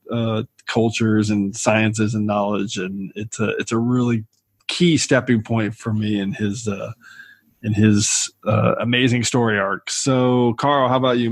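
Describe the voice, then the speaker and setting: A man's voice: on the low side, no room sound. A man hosting a podcast in casual chat, enthusiastic and full of restarts. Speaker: podcast host.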